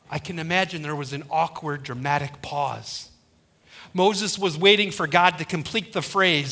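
A man's voice: a little high, normal speed, creaky, sharp tone. A middle-aged male pastor preaching a sermon, retelling a story and acting out the quoted voices.

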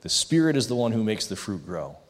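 A man preaching as a pastor and leading an earnest closing prayer, slowing down on the words he wants to land. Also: fairly low pitch, big pitch swings. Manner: earnest, pleading, slows on key phrases. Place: church sanctuary. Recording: long hall reverb.

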